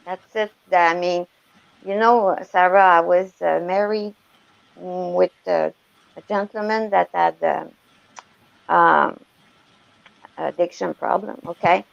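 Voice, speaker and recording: A woman speaks slowly and hesitantly, pausing to search for the right word. Her voice carries a gravelly edge. The call audio sounds dry and a little dull. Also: on the low side, steady tone, dry recording. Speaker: caller. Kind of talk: casual chat.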